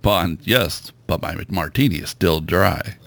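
A man reading the lines of a suave male spy, delivering dry, deadpan one-liners. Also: low voice, measured pace, vocal fry, no echo, exaggerated voice.

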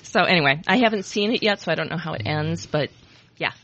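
A woman's voice: fairly low pitch, fast talker, a bit bright. A woman co-hosting a podcast in casual chat, reading out jokes, giggly and bubbly. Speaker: podcast co-host. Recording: dull lo-fi sound.

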